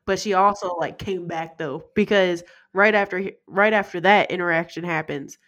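A woman co-hosting a casual movie podcast, calmly summarizing the plot in an easygoing way. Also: fairly low pitch, moderate pace, highs cut off. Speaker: podcast co-host. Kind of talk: casual movie recap chat.

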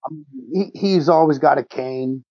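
A man's voice: a little high, unhurried, mellow, dry recording, highs cut off. A man playing a tabletop role-playing game, describing scenes casually and rambling with fillers. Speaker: tabletop player. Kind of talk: improvised role-play narration.

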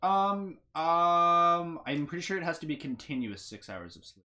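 A woman's voice: fairly low pitch, big pitch swings, moderate pace, sharp tone. A woman running a tabletop game as game master, narrating casually and hesitantly. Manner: hesitant, many ums and uhs.

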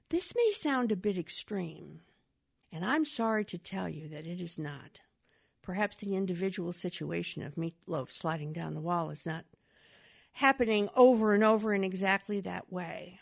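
A woman giving a talk, telling an illustrative story with animated storytelling. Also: lowish voice, moderate pace, vocal fry, slightly rough. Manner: animated storyteller, wide swings in voice. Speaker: speaker on domestic violence. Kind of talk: storytelling lecture.

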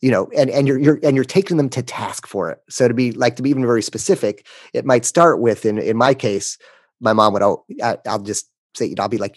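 A man speaking as a podcast guest, telling a candid story in a halting way, often restarting sentences and emotional at times. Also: medium pitch, husky, dry recording.

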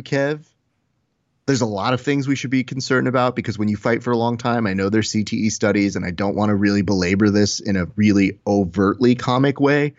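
A man's voice: lowish voice, no room sound, lo-fi sound. A man co-hosting a podcast, telling a story in casual chat, swearing freely and quoting people in put-on voices. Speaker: podcast co-host.

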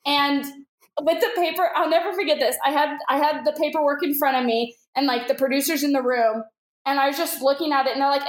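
A woman comedian telling a story in a casual, animated way, laughing often and filling her talk with little fillers. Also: high-pitched, a little fast, reverberant. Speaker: guest comedian.

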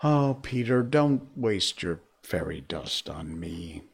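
A man voicing a gentle, guilty grown woman who speaks softly and hesitantly in a storybook reading. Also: sits low, very animated, takes it slowly, slightly rough, heavily acted. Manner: soft and hesitant.

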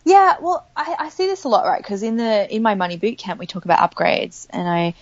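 A woman talking as a money coach in a casual chat, telling lively stories and acting out the voices of the people in them. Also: medium pitch, brisk, no room sound, lo-fi sound. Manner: animated storyteller, acts out quoted voices. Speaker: money coach, podcast guest.

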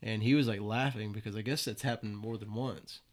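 A man's voice: on the low side, steady tone, brisk. Laid-back young man telling stories. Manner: loose and profane, laughs at his own stories. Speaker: guest. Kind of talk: casual storytelling.

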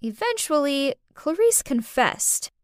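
A young woman narrating a first-person animated story in a dramatic, exclaiming manner. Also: high-pitched, takes it slowly, no echo, studio quality. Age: young adult.

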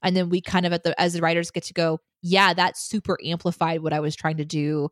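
Chatty woman with a lowish voice. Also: little pitch movement, brisk, no echo, clean studio sound. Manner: chatty, laughs often, many fillers. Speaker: podcast co-host, writer. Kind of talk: casual chat.

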